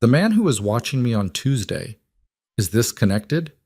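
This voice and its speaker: A man's voice: mid-range voice, sing-song, moderate pace, mellow, breathy edge, no room sound, studio quality. A man voicing an anxious young woman, a nursing assistant, pleading and worried in an audiobook reading.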